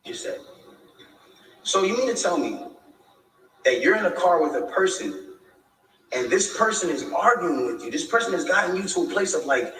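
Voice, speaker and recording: Man, bright higher voice, defensive long explanation, echoey room, far from the mic. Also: expressive, normal speed, long pauses. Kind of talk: livestream monologue.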